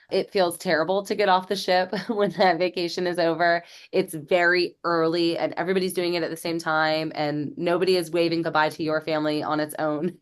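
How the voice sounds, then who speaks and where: Chatty woman podcast host, low-pitched. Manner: chatty and teasing, explains terms like a guide. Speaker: podcast co-host and travel agent. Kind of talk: casual podcast chat.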